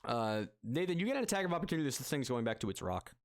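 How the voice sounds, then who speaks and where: Lively young male game master. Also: mid-range voice, racing. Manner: animated, laughs often, jokey. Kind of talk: narrating a tabletop game.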